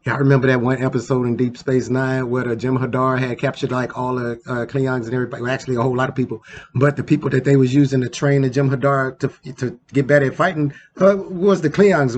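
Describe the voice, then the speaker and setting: A man's voice: medium pitch, fairly even intonation, fast, a little hiss or hum. A man hosting a casual countdown show, talking loosely and conversationally with lots of slang and asides. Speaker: host. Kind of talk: casual ranking commentary.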